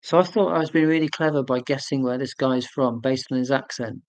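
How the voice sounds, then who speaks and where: A man's voice: medium pitch, fairly quick, no echo. A man chatting casually on a live stream, rambling and self-deprecating, with lots of ums as he answers viewer comments.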